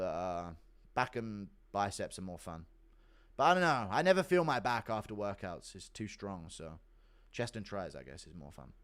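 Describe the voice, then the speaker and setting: A man's voice: mid-range voice, fairly bright tone. A man hosting a casual livestream who reads out donations and answers questions in a blunt, profane, offhand way. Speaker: livestream host.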